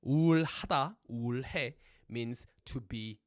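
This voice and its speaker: A young man teaching a casual livestream language lesson, chatty and animated, always checking in with his viewers. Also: medium pitch, quick pace.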